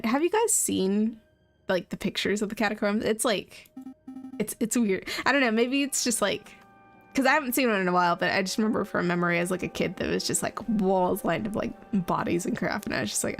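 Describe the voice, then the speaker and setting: Young woman, casual game commentary, rambling, giggly, mid pitch, faint music. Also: brisk, gravelly. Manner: rambling, filler-heavy, giggly. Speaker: game streamer. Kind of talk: let's play commentary.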